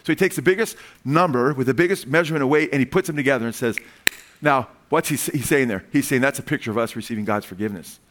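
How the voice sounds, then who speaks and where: A man's voice: medium pitch, quick pace, a bit bright. A man preaching a sermon in a conversational, emphatic way, often asking his listeners questions.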